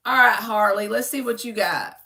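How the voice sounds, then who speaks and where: A woman's voice: fairly high pitch, moderate pace, sharp tone, echoey room. A woman giving a chatty live-stream tarot reading, calling viewers "baby" and reading card meanings aloud from a book. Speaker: tarot reader.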